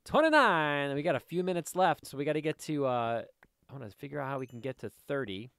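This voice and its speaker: A man's voice: medium pitch, fast, vocal fry, no echo. Rambling, chatty gaming commentator man. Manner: chatty and rambling, easily sidetracked, talks to the viewers and the game creatures. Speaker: let's play host. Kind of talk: casual gameplay commentary.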